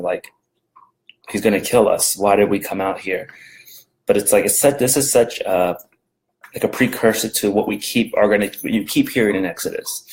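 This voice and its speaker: Casual, rambling man with a lowish voice. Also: a little mellow, poor audio. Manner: rambling, conversational, frequent fillers and restarts. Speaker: devotional video host. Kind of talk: casual devotional talk. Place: at home.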